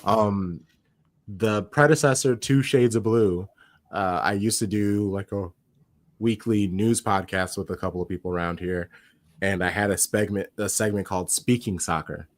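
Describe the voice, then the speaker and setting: A man's voice: lowish voice, moderate pace, dry recording. A man hosting a casual online soccer talk stream, joking and laughing easily. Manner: laughing, joking, self-deprecating. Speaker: podcast host. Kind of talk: casual chat.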